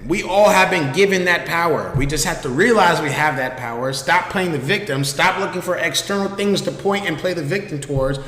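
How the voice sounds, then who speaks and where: High, bright-voiced man in an echoey room. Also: fairly quick, few pauses. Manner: animated, swears freely, keeps asking the listener for agreement. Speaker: streamer host. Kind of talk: casual storytelling. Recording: echoey room with long reverb.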